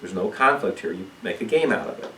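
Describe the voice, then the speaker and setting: Deep guy teaching a parenting class at church, calm, explains stuff, kinda far from the mic in an echoey room. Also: fast talker, slight background noise. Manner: calm, explanatory, asks "okay?" often.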